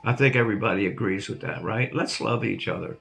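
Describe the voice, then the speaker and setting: A man's voice: lowish voice, fast, gravelly, a bit bright, soft background music. An older man hosting his own vlog, telling a rambling, jokey story to his viewers and laughing at himself. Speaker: vlog host.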